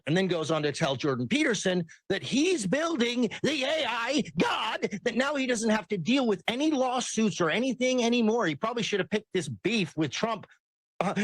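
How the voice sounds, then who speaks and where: Ranting high-voiced man, dry close sound. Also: a bit bright, dry recording. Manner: ranting, sarcastic, mimics people in quotes. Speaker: commentary host. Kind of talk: heated political commentary.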